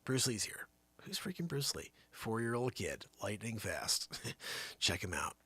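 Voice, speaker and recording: A man hosting a show, doing an improvised comic monologue that swings from loud bursts to hushed asides. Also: on the low side, sing-song, a little slow, husky, no room sound. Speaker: comedy show host.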